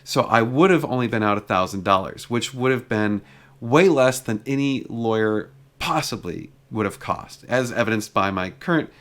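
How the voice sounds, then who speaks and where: A man tells a story to his vlog audience in a loose, conversational way. He talks at a mid pitch, typical for a man, and strings his account together with frequent "like" fillers. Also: expressive, normal speed, a bit bright. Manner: chatty, retells exchanges with lots of "like" fillers. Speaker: car vlogger. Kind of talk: casual storytelling.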